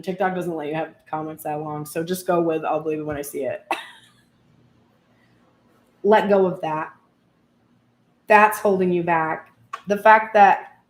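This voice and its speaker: A woman's voice: lowish voice, reverberant. A woman giving a casual tarot reading, chatty and self-mocking, swearing freely and acting out what people say. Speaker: tarot reader.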